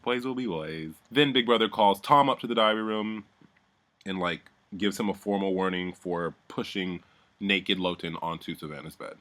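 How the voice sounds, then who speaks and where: Sardonic, bright-voiced man recapping. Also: deep voice, moderate pace. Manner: sardonic, profane, rambling. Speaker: reality TV recap vlogger. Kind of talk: casual recap.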